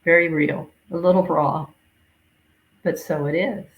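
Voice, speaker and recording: A woman minister giving a sermon, gently recounting a dream in a reflective, repetitive storytelling way. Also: low-pitched, steady tone, phone-quality sound. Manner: slow, gentle, reflective storytelling with repeated phrases.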